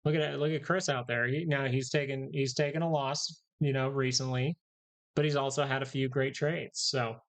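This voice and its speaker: Gravelly male stream host, rambling and self-correcting, joking with chat. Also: medium pitch, steady tone, moderate pace. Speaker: stock market live stream host. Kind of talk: casual live market commentary.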